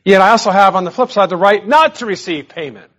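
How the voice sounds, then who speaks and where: Animated man teaching the Bible. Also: high voice, quick pace. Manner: animated, emphatic, conversational asides.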